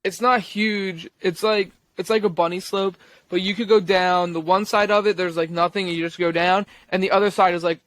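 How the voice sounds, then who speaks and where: A young man co-hosting a podcast, chatting casually in a relaxed, rambling way with plenty of slang. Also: sits high, brisk. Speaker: podcast co-host. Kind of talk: casual chat.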